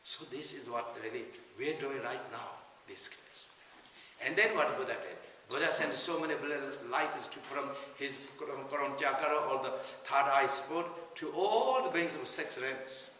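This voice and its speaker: Man, Tibetan accent, meditation teaching, halting repetitive phrasing, far from the mic, very echoey hall. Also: mid-range voice, sharp tone, a little hiss or hum. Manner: halting, repeats phrases, non-native English phrasing. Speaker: Buddhist teacher. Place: large retreat hall.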